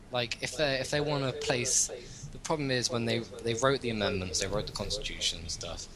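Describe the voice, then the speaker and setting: Young bloke chatting politics, opinionated, kinda rambly, deeper voice. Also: male voice, poor audio. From Britain. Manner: rambling, opinionated, thinks aloud. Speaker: host. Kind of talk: casual political chat.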